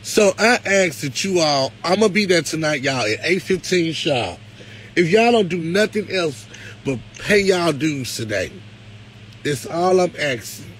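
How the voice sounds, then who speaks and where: Male streamer, higher voice, emotional and preachy, light background hum. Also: animated, unhurried, a bit bright, low-quality recording. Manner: emotional, close to tears, preacherly. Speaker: live-stream host. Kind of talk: emotional livestream talk to viewers.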